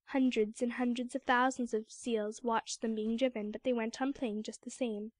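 Casting: woman audiobook narrator, fairly high voice, dry close mic, measured storytelling. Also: level tone, no room sound. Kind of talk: scripted narration.

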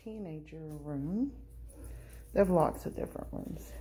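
A middle-aged woman, vlogging casually and cooing at cats in a high sing-song voice while talking through a face mask indoors. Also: a little slow, pauses often, dark tone, a little hiss or hum. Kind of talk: casual vlog chat. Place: indoor cat shelter room. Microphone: handheld camera, talking through a face mask.

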